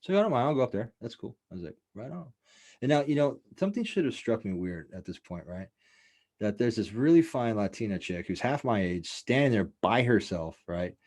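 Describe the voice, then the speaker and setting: A man's voice: fairly low pitch, lively intonation, a little fast, darkish tone. A man hosting a show, telling a story in a loose, rambling, profane way with lots of fillers. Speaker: show host. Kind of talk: casual storytelling.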